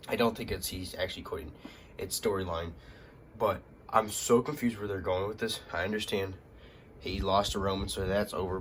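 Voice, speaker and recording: A man hosting a wrestling vlog, recapping a show in a rambling, excitable way full of ums and likes. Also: lowish voice, a little hiss or hum. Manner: rambling, filler-heavy, excitable.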